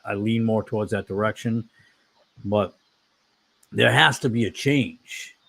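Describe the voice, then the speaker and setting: A man hosting an online fellowship talk, preaching in a casual, rambling way, giving blunt opinions and often correcting himself. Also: mid-range voice. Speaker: online fellowship discussion host.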